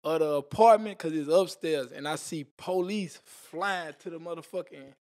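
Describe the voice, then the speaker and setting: A man with a somewhat high-pitched voice spins a wild story as a podcast guest. His delivery is animated and rough-edged, heavy with profane slang. He punctuates the telling with spoken sound effects like "boom" and "vroom.". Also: normal speed. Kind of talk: casual storytelling interview.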